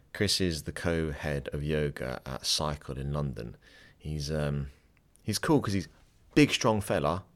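A man in his thirties hosting a podcast, giving a chatty, upbeat, rambling intro from his home studio. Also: very deep voice. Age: 30s. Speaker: podcast host.

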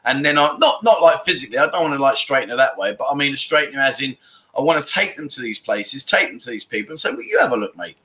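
Bright-voiced chatty livestream host. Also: male voice, medium pitch, lively intonation, fast. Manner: chatty and rambling, swears casually. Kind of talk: casual live chat reading comments.

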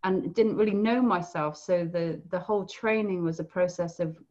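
British woman, podcast guest; low-set, gentle voice, thoughtful, mildly muffled audio. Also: moderate pace. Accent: British English. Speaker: podcast guest, equine coach. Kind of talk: conversational interview.

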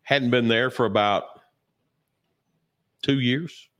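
A man chatting as a co-host, telling stories in a rambling way with lots of fillers and throat clearing, sore and a bit sluggish. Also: medium pitch, steady tone, slow pace, fairly bright tone. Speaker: podcast co-host. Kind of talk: casual chat.

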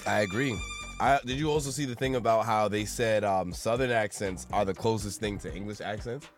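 A man's voice: lowish voice, brisk, soft background music. A man hosting a casual podcast, introducing himself and his co-hosts in a laid-back, slangy way. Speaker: podcast host. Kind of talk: casual chat.

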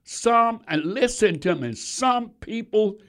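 A man preaching a sermon, talking straight to his listeners and swinging between rising, emphatic lines and low, quiet ones. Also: animated, takes it slowly. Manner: rhythmic preaching with sudden rises and drops in pitch and volume; folksy, calls out to the congregation.

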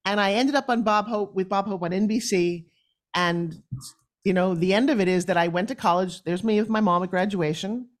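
A woman's voice: mid-range voice, normal speed. A woman from New York with a New York accent, a podcast guest telling her life story in a blunt, emphatic way. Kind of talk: candid interview storytelling.

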